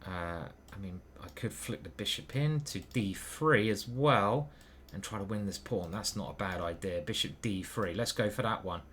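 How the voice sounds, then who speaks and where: A man's voice: lowish voice, moderate pace, few pauses, fairly bright tone, a little hiss or hum. A man thinking aloud as he plays online chess, muttering moves and questioning himself. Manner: muttering move by move, hesitant self-questioning. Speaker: chess grandmaster commentating his own games.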